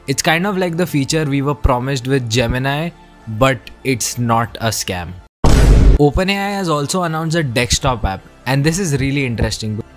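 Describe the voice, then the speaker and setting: A man hosting a tech video, walking through new features in an informal, opinionated way. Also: mid-range voice. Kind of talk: casual explainer narration.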